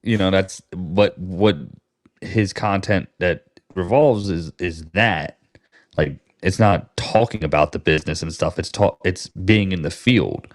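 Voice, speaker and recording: A man's voice: low-pitched, measured pace, dry recording, studio quality. An American man co-hosting a casual podcast, a tradesman who runs a business and talks bluntly with slang and swearing. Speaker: podcast co-host, HVAC business owner. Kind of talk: casual chat.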